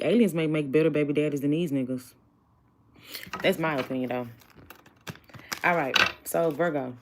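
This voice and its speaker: A woman's voice: low voice, background noise. A chatty woman doing a casual tarot reading, blunt and joking with her viewers. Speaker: tarot reader.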